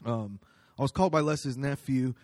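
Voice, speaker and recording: A man's voice: mid-range voice, moderate pace, a little mellow. A man speaking at a church, giving a casual sermon in a conversational, storytelling way with many ums and restarts.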